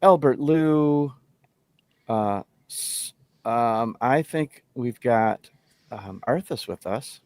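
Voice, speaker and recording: Animated man hosting a live chat. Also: mid-range voice, extremely slow, no echo. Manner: animated, laughing, reading out viewer names. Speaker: co-host of a livestream show.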